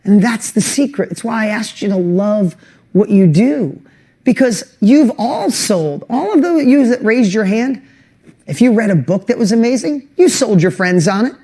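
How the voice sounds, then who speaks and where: A man giving a motivational talk to an online audience, telling animated stories and often restarting his sentences. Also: high voice, moderate pace. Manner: animated, acts out quoted voices, restarts sentences; speaks directly to an online audience. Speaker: business coach and motivational speaker.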